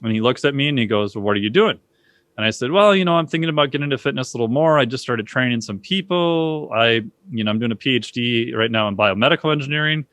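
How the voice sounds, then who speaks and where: A man speaking as a podcast guest, telling stories in a casual conversational way and acting out quoted voices with big jumps in pitch. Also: expressive, quick pace, a bit bright, dry recording.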